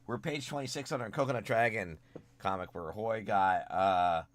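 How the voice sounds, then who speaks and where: A young man draws during a home stream, chatting casually with his viewers and alternating between low mumbles and loud, excited greetings. His voice is lowish at a moderate pace, with no echo.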